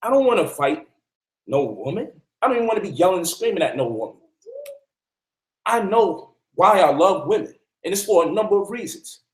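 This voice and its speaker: Man, high voice, emphatic preachy host, echoey room. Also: big pitch swings, brisk. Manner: preachy, emphatic, addresses listeners directly. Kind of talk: animated teaching talk.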